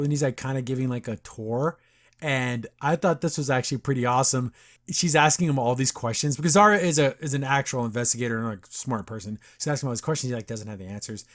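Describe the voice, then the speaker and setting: A man's voice: medium pitch, fast. A young man hosting a podcast, recapping a cartoon episode in a chatty, enthusiastic way and acting out the characters' lines. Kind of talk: casual recap commentary.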